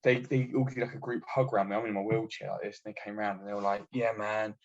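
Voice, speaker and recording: A low-voiced man tells his stories in a blunt, sweary way, full of fillers and asides. It is casual chat on a podcast, and the audio comes through dull and muffled. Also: steady tone, very fast. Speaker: guest, army veteran. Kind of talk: casual storytelling.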